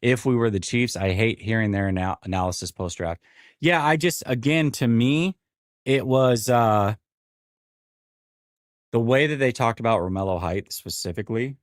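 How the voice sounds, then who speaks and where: A man with a lowish voice hosts a casual sports stream and reacts as events unfold. He rambles, repeats himself and tosses in wry asides. The sound is dry and close, with no room echo. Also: measured pace. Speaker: sports show host.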